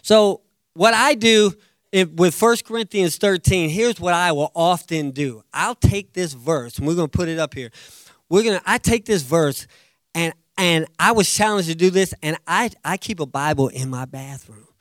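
High-voiced animated male preacher. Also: moderate pace, dry recording, clean studio sound. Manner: animated, acts out quotes, jumps loud and soft. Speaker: pastor. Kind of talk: sermon.

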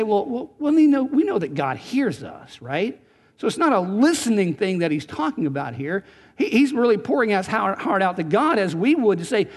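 A man's voice: high-pitched, sing-song, moderate pace, husky. A man preaching a sermon in a church, earnest, often repeating and restarting words as he presses his points. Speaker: pastor. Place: church sanctuary. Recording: church sanctuary with long reverb.

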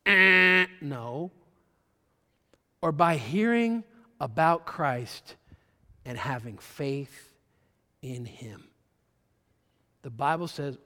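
A man's voice: fairly high pitch, animated, extremely slow, pauses often, bright, forceful tone. Man preaching in a reverberant hall. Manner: preaching with big swells in volume and emphasis. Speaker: pastor. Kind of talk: sermon.

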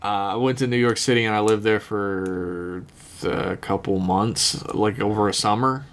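A man's voice: fairly low pitch, measured pace. A man co-hosting a podcast, rambling and self-deprecating in casual chat. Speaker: podcast co-host.

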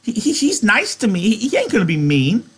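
A man's voice: a little high, normal speed, bright, forceful tone, voice pushed up. A man doing a stammering childlike farmhand. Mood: frantic. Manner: stammering, pleading. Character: big simple-minded farmhand, childlike and anxious.

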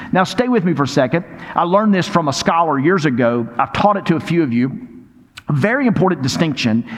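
A man preaching a sermon as pastor, animated and speaking directly to his congregation. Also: fairly high pitch, muffled recording. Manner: animated preaching with audience prompts. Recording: long hall reverb.

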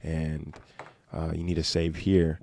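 A man, a podcast co-host, chatting casually in a relaxed, agreeable way. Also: rumbling low, slow, gravelly, a little hiss or hum. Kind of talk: casual chat.

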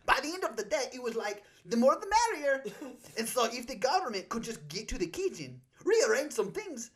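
A man's voice: high-pitched, big pitch swings, normal speed, fairly bright tone, exaggerated voice. A man faking a wandering Scottish-ish valley girl. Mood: chatty. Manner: wobbly put-on accent that drifts. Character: chatty valley-girl speech done in a failed Scottish accent. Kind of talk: comic monologue reading.

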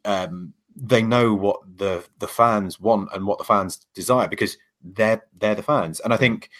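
A man's voice: lowish voice, a bit bright. A man in casual podcast chat, talking hesitantly with many fillers and restarts.

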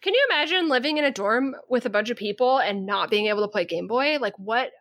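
A woman co-hosting a podcast, chatting in an animated way, laughing often and saying "like" a lot. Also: on the high side, fast. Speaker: podcast co-host. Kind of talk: casual chat.

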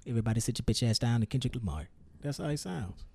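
A man putting on a lowered, gruff impression of a famous male rapper in a casual chat. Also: expressive, fast talker, a little mellow. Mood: mock boastful. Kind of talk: mock celebrity impression.

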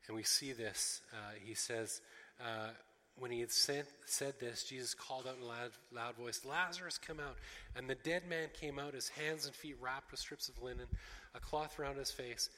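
Male pastor, earnest emphatic sermon, bright tone, reverberant sanctuary. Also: mid-range voice, steady tone, normal speed. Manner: earnest, emphatic preaching with many fillers and repeated phrases.

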